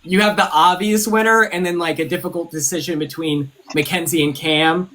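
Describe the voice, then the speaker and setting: Bright, high-voiced animated young man. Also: moderate pace. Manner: animated, emphatic, swears casually. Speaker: former reality show contestant and superfan. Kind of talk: casual live-stream chat.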